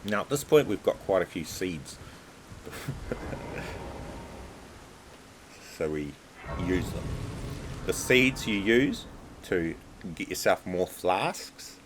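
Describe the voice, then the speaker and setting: A man with a fairly low voice talks the listener through a game route in an easygoing, chatty commentary. He keeps it relaxed and conversational, recorded as a voice-over over the gameplay, with a faint hiss underneath. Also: slow pace, long pauses. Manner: relaxed, chatty, repeats filler words like "obviously". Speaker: game walkthrough narrator.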